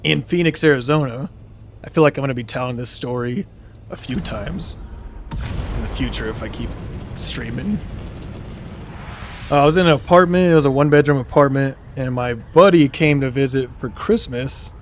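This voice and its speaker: A man's voice: mid-range voice, moderate pace, pauses often, slight background noise. A young man streaming a game, telling a long story in a rambling, casual way with many fillers and restarts. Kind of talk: casual storytelling while gaming.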